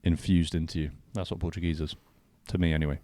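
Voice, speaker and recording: A man co-hosting a casual podcast, blunt and deadpan with provocative jokes. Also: low-pitched, quick pace, no echo. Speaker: podcast co-host. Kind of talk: casual chat.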